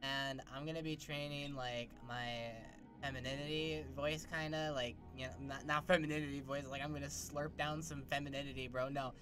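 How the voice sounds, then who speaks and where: A man's voice: mid-range voice, little pitch movement, normal speed, few pauses. A man streaming live from home into a desk mic, chatting loosely with his viewers, swearing often and scattered in his thoughts. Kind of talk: casual live-stream chat. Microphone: desk microphone.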